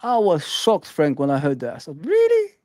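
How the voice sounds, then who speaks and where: A male guest in a casual fan chat speaks in a slightly high voice. He is animated, repeats his points and keeps addressing the host by name. The sound is dry and close. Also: normal speed, no room sound.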